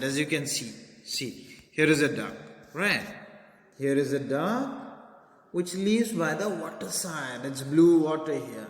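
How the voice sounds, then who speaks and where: Slow-paced teacher, echoey room. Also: male voice, a little high, animated. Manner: explains simply, repeats words, says okay and right often. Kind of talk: classroom poem lesson. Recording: roomy echo with long reverb.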